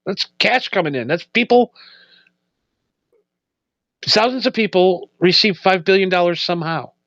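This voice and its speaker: A man co-hosting a comedy podcast, his voice sitting slightly high for a man. He rambles and laughs a lot in loose banter. The sound is a little dull, as if muffled, yet dry and close. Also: expressive, measured pace, fairly bright tone, no echo. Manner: rambling, laughs often, acts out quotes. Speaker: podcast co-host. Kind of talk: casual comedic chat.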